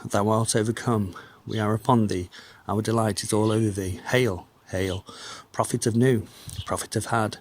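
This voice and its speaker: Guy with a lowish voice reciting old holy text, slow and solemn, bit of hiss behind. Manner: measured, declamatory recitation. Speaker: reader. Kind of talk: solemn reading of a religious text.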